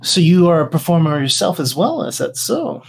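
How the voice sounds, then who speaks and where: A woman voicing a relaxed male elf lute player who speaks in a friendly, courteous, easygoing way. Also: lowish voice, moderate pace, gravelly, husky, heavily acted. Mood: inviting.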